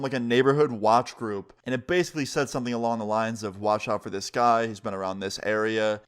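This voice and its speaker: A man telling a personal story in a casual, earnest way, with lots of "like" and "right?". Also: mid-range voice. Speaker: storytime vlogger.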